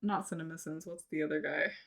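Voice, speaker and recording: A woman's voice: deep voice, fairly even intonation, fast talker, gravelly, fairly bright tone. A woman co-hosting a live stream, chatting casually in a giggly, teasing way. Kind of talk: casual chat.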